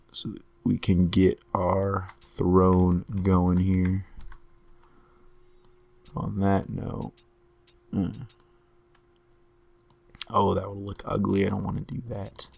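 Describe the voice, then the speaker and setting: A slow, unhurried man with a lowish, gravelly voice, narrating his own game as he plays it. He is losing his voice, and he talks each move through half to himself at a desk mic with keyboard clicks nearby. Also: monotone. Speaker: gameplay commentator. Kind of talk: relaxed let's-play commentary.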